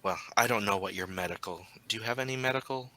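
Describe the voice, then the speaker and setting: A man running a tabletop role-playing game as storyteller, narrating in an unhurried, halting way with frequent ums. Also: fairly low pitch, pushed and bright, rough recording.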